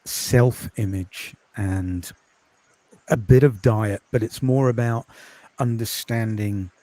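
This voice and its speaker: A man from the UK speaks in a quiet, calming way, pausing often on "um". His voice sits a little low and sounds mellow and dark. The recording is dry and close, with little room sound. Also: no room sound. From United Kingdom. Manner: quiet, calming voice with frequent ums. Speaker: podcast host and course creator, interview guest. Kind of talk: casual interview over a video call.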